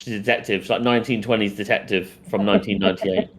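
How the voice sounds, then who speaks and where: A man's voice: lowish voice, steady tone, a little hiss or hum. Playful man running a tabletop game. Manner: rambling, playful, quick asides. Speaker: dungeon master.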